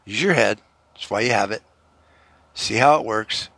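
A middle-aged man hosts a podcast while driving through a small town, rambling casually and swearing freely, now and then slipping into a joking fake Australian accent. His voice is fairly low, a bit bright, and moves at a moderate pace, with no room sound in the recording.

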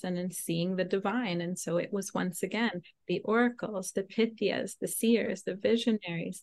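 A woman's voice: mid-range voice, gravelly. A woman guest, a priestess, explaining spiritual history in a fervent, preaching cadence.

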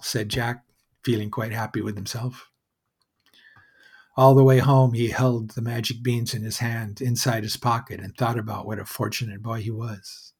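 A man narrating a fairy tale in a measured, wry storytelling manner. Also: medium pitch, little pitch movement, breathy edge.

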